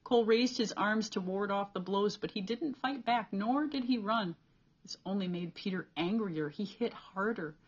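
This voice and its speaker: A woman reading a novel chapter aloud as an audiobook reader, with steady, clear storytelling. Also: mid-range voice, moderate pace, lo-fi sound.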